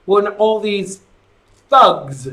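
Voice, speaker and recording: Man, talk show host, live call-in, rambling, reads chat comments, bright voice. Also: high voice, animated, drawn-out words.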